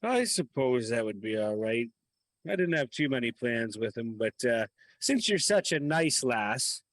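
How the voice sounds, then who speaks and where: A man playing his character in a tabletop game, gruff and swearing freely. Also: mid-range voice, big pitch swings, unhurried, a bit bright, no room sound. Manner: gruff and foul-mouthed. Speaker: player. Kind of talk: in-character tabletop role-play.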